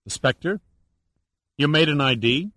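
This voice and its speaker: A man reading the lines of a blunt, gruff middle-aged male FBI agent in an audiobook. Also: on the high side, lively intonation, measured pace, pushed and bright, dry recording.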